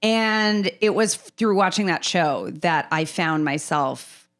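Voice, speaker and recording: A woman comedian guesting on a podcast, telling stories in an animated way and laughing often. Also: on the low side, slow. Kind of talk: casual interview chat.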